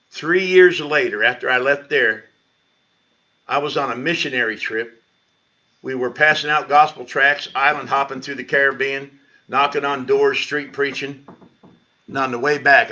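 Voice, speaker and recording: This middle-aged man, a pastor, relates his conversion story to a church Bible study in a spirited way, his pitch shooting up as he voices his own past words. The sound is low-fi, like a livestream.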